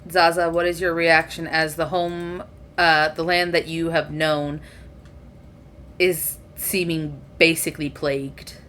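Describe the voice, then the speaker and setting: Woman game master, low-set voice, descriptive narration, tabletop role-play, fillers. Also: level tone, measured pace, a bit bright, a little hiss or hum.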